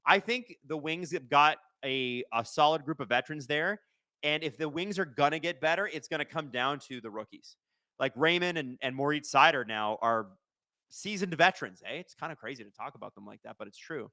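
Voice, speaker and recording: A man in his thirties hosts a live stream in casual, joking chat. His voice sits a little high and rings bright and forceful. He reads viewer comments aloud and slips into quick play-by-play of the game. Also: no room sound. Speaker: host of a live watch-along stream.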